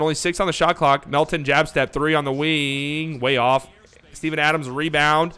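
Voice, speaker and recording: A man hosting a live watch party stream, calling the game in casual play-by-play that swings between calm calls and excited, swearing outbursts. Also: medium pitch, a little fast, clean tone.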